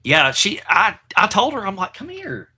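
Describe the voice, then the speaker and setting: A man's voice: high-pitched, very animated, normal speed, sharp tone, husky. A man co-hosting a livestream, upbeat and emphatic in casual chat. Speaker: co-host.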